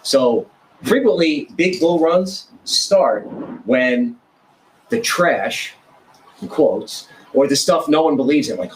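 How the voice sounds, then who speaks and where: A man joining a casual roundtable as a guest. He speaks in short, punchy phrases and states his views firmly, at an ordinary pitch. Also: lively intonation, slow pace, a little hiss or hum, low-quality recording. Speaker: guest panelist.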